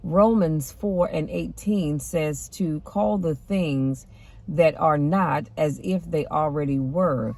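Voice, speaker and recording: A woman's voice: low voice, slow, gravelly, mellow. A woman host giving an encouraging faith talk, speaking in an exhorting, preachy way. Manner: preachy, exhorting, calls out "come on now". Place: parked car.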